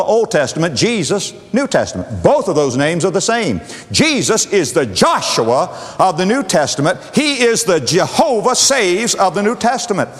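A man delivers a sermon in a slightly high, very lively voice that leaps from booming declarations to hushed lows. He repeats key phrases for emphasis in a steady preaching cadence. His voice rings out with a long hall reverb.

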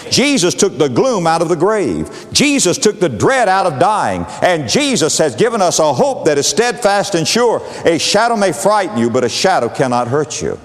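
Guy preaching a sermon, big swoops up and down, booming then hushed, lots of repeating, long echo like a big hall. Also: big pitch swings, moderate pace, few pauses, faint music behind. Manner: dramatic preaching cadence, repeats phrases, swings from booming to hushed.

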